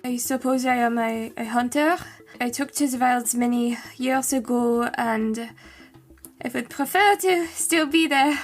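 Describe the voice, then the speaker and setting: A woman's voice: fairly high pitch, unhurried, close to an everyday voice. A woman voicing a reserved female hunter who longs for the wilds, speaking tersely and hesitantly. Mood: wistful.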